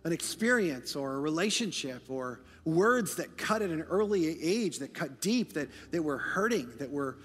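A male pastor delivering a sermon, moving between hushed, low passages and loud, emphatic preaching. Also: expressive, moderate pace, few pauses, breathy edge, in a large hall.

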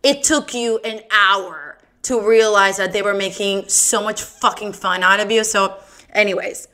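A woman's voice: mid-range voice, a little slow, bright, forceful tone. A woman hosting her own podcast, telling bawdy jokes in a giggly, self-mocking casual chat. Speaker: podcast host.

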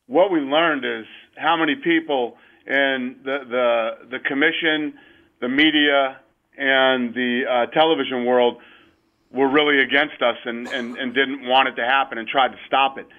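A man's voice: mid-range voice, fairly even intonation, a little slow. A man being interviewed over the phone, talking in a blunt, emphatic way. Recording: tinny phone line.

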